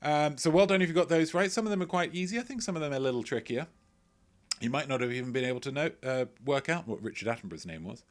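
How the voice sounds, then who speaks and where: A quiz host streaming live from inside his home talks fast in a medium-pitched voice with lively intonation. As he reads chat messages aloud, he drifts into playful, rambling asides.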